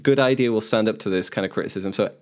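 A man's voice: on the low side, quick pace. A man as a podcast guest, talking earnestly in a rambling way with many restarts. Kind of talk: casual podcast chat.

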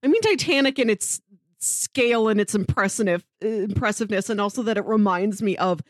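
Woman cohost, mid pitch, dry close mic, chatty and excited, laughs a lot. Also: dry recording. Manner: enthusiastic, quick to laugh, listing details with comic emphasis. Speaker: podcast co-host. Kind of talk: casual chat.

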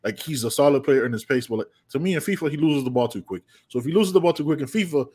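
A man from the United States co-hosting a casual sports podcast, rambling and animated, swearing freely. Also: a little high, quick pace, husky. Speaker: podcast co-host.

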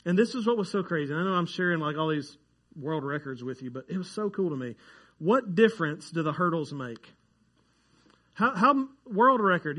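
A pastor delivers his sermon with a fairly high-pitched voice. He speaks in a loose, conversational way and jokes with his congregation. He gets worked up when a fact surprises him. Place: church sanctuary.

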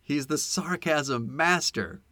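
A man co-hosting a podcast in casual chat, animated and laughing often as he acts out movie lines. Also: on the high side, slow, no room sound. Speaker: podcast co-host. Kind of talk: casual chat about a film.

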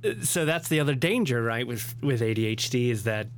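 A man's voice: mid-range voice, lively intonation, brisk. Emphatic man chatting on a podcast. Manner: emphatic, chatty, with frequent laughs. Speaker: podcast co-host. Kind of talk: casual podcast chat.

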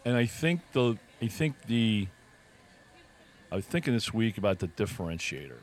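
A man's voice: on the low side, big pitch swings, normal speed. Reflective man co-hosting a coffee chat. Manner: reflective, thinks aloud with restarts. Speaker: podcast co-host. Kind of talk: casual chat.

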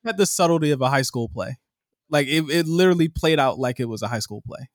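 A man's voice: medium pitch, expressive, fast talker, no room sound, studio quality. A man co-hosting a TV recap podcast, bluntly critiquing an episode and swearing freely. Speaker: podcast co-host. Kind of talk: casual TV recap chat.

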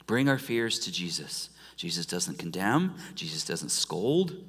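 Bright-voiced Midwestern man preaching in a reverberant church. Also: sits low, very animated, measured pace, husky. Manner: swings from loud emphatic lines to soft near-whispers. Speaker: pastor. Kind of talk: sermon. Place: church sanctuary. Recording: long church-hall reverb.

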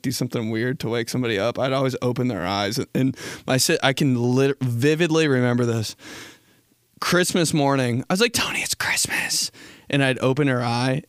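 A man in his twenties hosts a podcast, chatting casually and comedically as he rambles, laughs often, and acts out quotes in high voices. His tone is clean, and the dry recording has clean studio sound.

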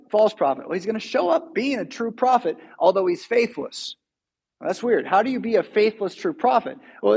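A man's voice: high-pitched, creaky, breathy edge. A man preaching a sermon in a church, telling stories in a casual, conversational way. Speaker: pastor.

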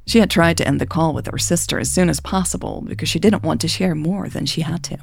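Romance audiobook narrator, woman, deep and slightly creaky, calm and steady. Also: quick pace, few pauses.

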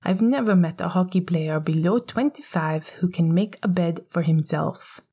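A woman's voice: on the low side, moderate pace, dark tone, breathy edge. A woman voicing a playful father who teases a young guest. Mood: teasing. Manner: playful teasing. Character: teasing, joking family father.

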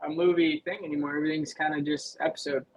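A young man from the United States talks casually as a podcast guest. His relaxed, easygoing delivery is full of filler words, and his voice sits a little higher than most men's. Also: fast talker, poor audio. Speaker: guest, racer. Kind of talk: casual chat.

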